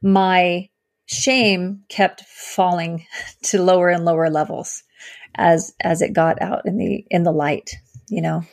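A woman sharing her personal story as an interview guest, earnest and halting, with many fillers and restarts. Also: on the low side, fairly even intonation, vocal fry. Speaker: guest, survivor advocate.

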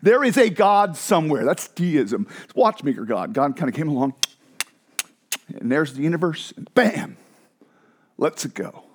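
A man preaching a sermon in an animated, conversational way with emphatic asides. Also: on the high side, unhurried, pauses often, husky. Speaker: pastor.

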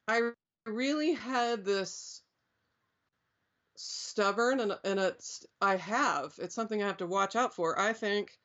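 A woman's voice: mid-range voice, a bit bright. A middle-aged woman reflecting on her past as an interview guest, rambling with many fillers and restarts. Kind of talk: reflective storytelling. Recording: dull lo-fi sound.

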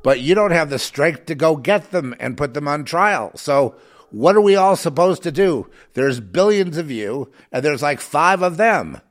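A man's voice: on the high side, lively intonation, measured pace. A man giving a ranting monologue, preachy and emphatic, rambling with many restarts and fillers.

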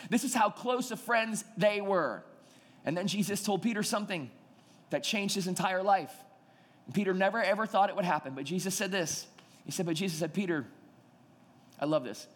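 A male pastor delivers a sermon in a high, bright-sounding voice, acting out the people in his story. His words ring with the long reverb of a large hall. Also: moderate pace. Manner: animated storytelling, acting out quoted dialogue.

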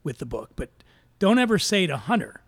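Podcast host guy, kinda high voice with gravel, chatty storyteller. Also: fairly quick. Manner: storytelling, animated asides. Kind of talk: casual chat.

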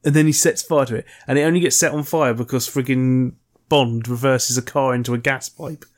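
A man in casual film chat as podcast co-host, joking deadpan with film trivia and swearing. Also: medium pitch, a little fast.

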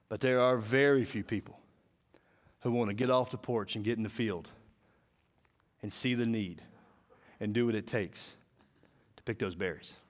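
A man preaching to a school, telling folksy stories, acting out voices and dropping to a hushed, intense tone. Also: mid-range voice. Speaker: school chapel speaker. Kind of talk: sermon.

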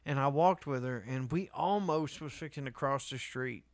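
A man's voice: mid-range voice, moderate pace, no room sound. A man telling stories as a podcast co-host, profane and laughing often. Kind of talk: casual storytelling chat.

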